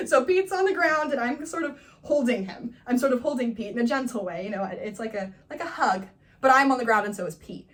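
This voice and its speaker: A young woman from Northern California telling a funny personal story, animated and laughing often as she acts out the people in it. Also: a little high, normal speed, recorded from a distance. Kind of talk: personal storytelling, class assignment.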